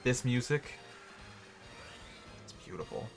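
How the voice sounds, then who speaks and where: A man's voice: mid-range voice, sing-song, slow, creaky, soft background music. A young man streaming a video game live, rambling and joking sarcastically with his chat. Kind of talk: gaming livestream chat.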